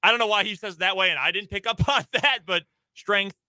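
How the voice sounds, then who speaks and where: A man's voice: high voice, sharp tone, no echo. A man with an Upper Midwest accent from the Chicago area, co-hosting a sports radio show in casual, rambling chat. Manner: chatty, rambling, quick to laugh. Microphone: studio microphone.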